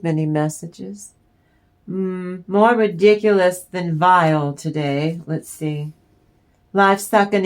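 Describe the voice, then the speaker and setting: Slow, blunt woman reading tarot. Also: lowish voice, a little mellow. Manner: blunt and profane, emphatic. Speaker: tarot reader.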